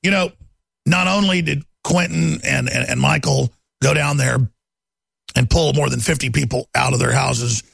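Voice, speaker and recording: Ranting gravelly-voiced male host. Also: a little high, a bit bright, dry recording. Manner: ranting, stammering repeats, contemptuous. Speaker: talk show host. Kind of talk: heated political monologue.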